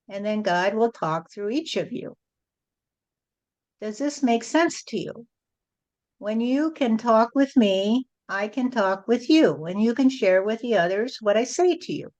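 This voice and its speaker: A woman speaking as a spiritual channel, delivering a message in a slow, repetitive, rhyming preaching cadence. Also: fairly high pitch, animated, a little mellow. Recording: dull lo-fi recording.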